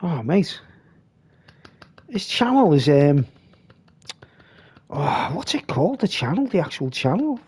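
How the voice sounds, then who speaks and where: A man's voice: fairly high pitch, very animated, slow pace, long pauses, a little mellow, husky. A man hosting a live stream, rambling casually and reading comments aloud.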